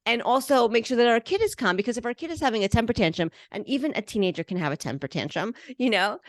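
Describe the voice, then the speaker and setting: A woman host in a quick, affirming interview style who sums up her guest's points. She talks fast in a fairly high voice, and the recording is dry and close. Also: animated, no echo. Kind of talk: conversational interview.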